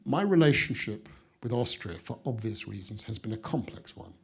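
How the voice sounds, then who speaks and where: A man's voice: fairly low pitch, expressive, normal speed, gravelly, slightly rough. A British man giving a guest speech at a museum exhibition opening, telling an anecdote with wry, dry understatement. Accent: British English. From Britain. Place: museum building, speaking to an audience.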